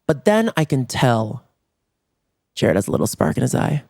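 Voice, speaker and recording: A man hosting a comedy podcast, telling a comic story in an animated way and rushing through lines. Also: gravelly, no room sound, clean studio sound. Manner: animated, rushes through lines, jumps to high squeals for quoted reactions.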